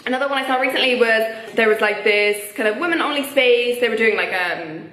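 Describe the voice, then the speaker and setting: A woman's voice: on the high side, brisk, sharp tone. Chatty Irish woman in an echoey room. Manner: chatty, lots of filler words. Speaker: vlogger. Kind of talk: casual opinion vlog.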